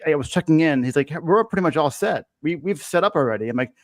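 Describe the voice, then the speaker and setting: A man's voice: on the high side, animated, fast talker, no room sound. A man in casual chat, telling a long story with many fillers, restarts and laughs.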